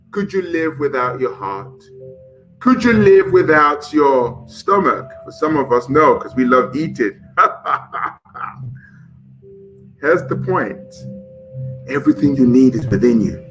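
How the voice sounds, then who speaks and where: A man's voice: mid-range voice, fairly bright tone, rough recording. A man hosting a motivational live stream, coaching viewers through breathing and affirmations and greeting them by name.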